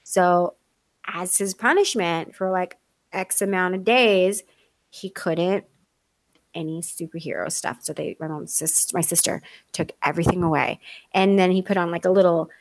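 A middle-aged woman chatting casually on a podcast, an animated storyteller who acts out the people in her stories and laughs often. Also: on the low side, normal speed, no echo. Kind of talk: casual chat.

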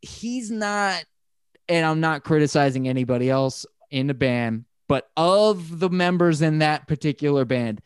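A man rambles through casual talk about a favorite band, swearing freely and speeding up when he gets worked up. His voice is smooth and resonant. It sits close and dry, with no room sound. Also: a little high, normal speed, few pauses, dry recording. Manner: rambling, profane, animated when excited. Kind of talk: casual music chat.

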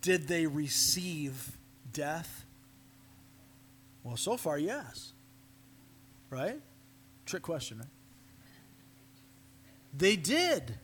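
Male pastor, unhurried earnest sermon delivery, sits a bit high, drops to near-whispers. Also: very animated, a bit bright, slightly rough. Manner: slow, earnest preaching, dropping to near-whispers. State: coughing, fighting a sore throat.

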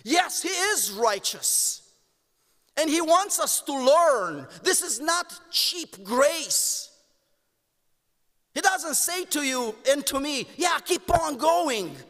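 A man with a Romanian accent preaching a sermon to his congregation, impassioned, calling them "my beloved" and swinging between hushed tones and raised exclamations. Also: very high voice, very animated, takes it slowly. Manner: impassioned, addresses listeners as "my beloved". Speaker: pastor. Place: church sanctuary. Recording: long church hall reverb.

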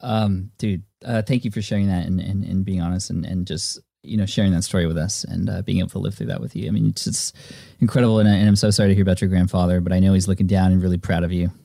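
A man's voice: low voice, fairly even intonation, fast, creaky, dark tone, dry recording, studio quality. A man hosting a podcast interview. He answers his guest with short, supportive reactions. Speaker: podcast host. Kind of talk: conversational interview.

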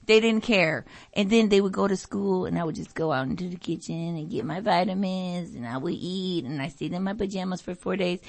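A middle-aged American woman hosting a talk radio show, rambling through a story, mimicking family members, and sniffling from allergies. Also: no echo. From United States. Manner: animated storytelling, mimics family voices, jumps pitch for emphasis. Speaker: radio show host, nurse.

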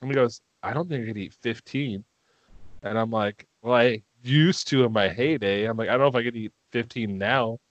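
A man's voice: medium pitch, moderate pace, no room sound. A man co-hosting a casual podcast chat, playful, often laughing and needling his friend. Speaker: podcast co-host.

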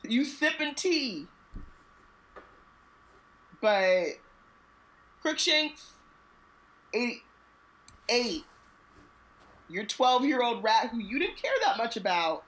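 A woman's voice: a little high, expressive, drawn-out words, long pauses, fairly bright tone, poor audio. A woman co-hosting a casual book podcast, talking expressively with slangy asides and frequent laughs. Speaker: podcast co-host.

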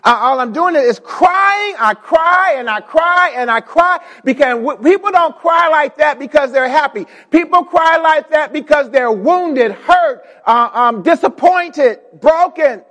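A male pastor preaching a sermon, calling on the congregation, repeating words and rising into shouts. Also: very high voice, animated, a little slow, few pauses, in a large hall.

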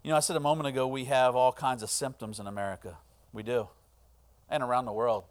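A medium-pitched middle-aged man preaches a sermon, alternating between soft, sincere moments and loud, fervent outbursts.

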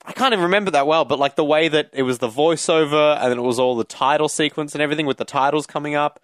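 A man co-hosting a casual film chat, talking eagerly in quick bursts and laughing between thoughts. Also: a little high, no echo, clean studio sound. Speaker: podcast co-host.

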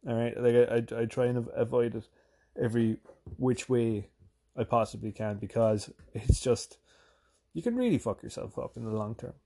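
A man from Ireland with a softened Irish accent, rambling through a casual, profane, self-deprecating vlog monologue. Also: mid-range voice, moderate pace, creaky. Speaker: vlogger.

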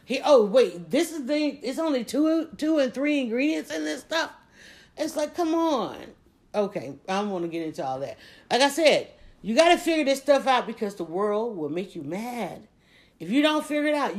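Energetic woman podcast host preaching. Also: fairly high pitch. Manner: energetic, preachy, talks straight to listeners. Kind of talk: motivational podcast monologue.

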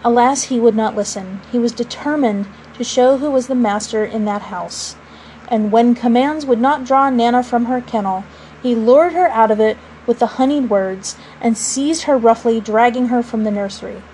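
A woman narrating a classic storybook aloud in a measured, expressive way. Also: fairly high pitch, a little hiss or hum, low-quality recording.

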